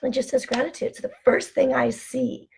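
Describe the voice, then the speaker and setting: A woman hosting a casual motivational vlog from home, chatty and animated as she tells anecdotes. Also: sits high, normal speed, creaky, a little hiss or hum. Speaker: online show host.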